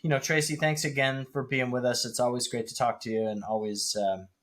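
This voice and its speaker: A man co-hosting a casual podcast chat, speaking in a relaxed, reflective way with frequent fillers. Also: mid-range voice, brisk. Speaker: podcast co-host.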